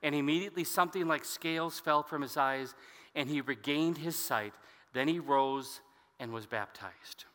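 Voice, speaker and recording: Bright-voiced preacher man in a hall. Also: fairly high pitch, moderate pace. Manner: expository preaching, conversational asides to the congregation. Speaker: pastor. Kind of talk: sermon.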